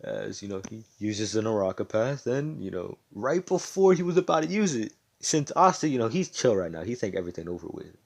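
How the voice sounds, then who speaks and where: A man's voice: lowish voice, sing-song, a little fast, gravelly, hardly any pauses. A man casually telling a fan-made story in loose slang, full of swearing and fillers.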